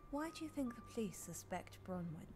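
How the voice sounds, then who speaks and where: A woman's voice: medium pitch, sing-song, brisk, music in the background, lightly acted. An actress playing a probing woman detective questioning suspects in a video game.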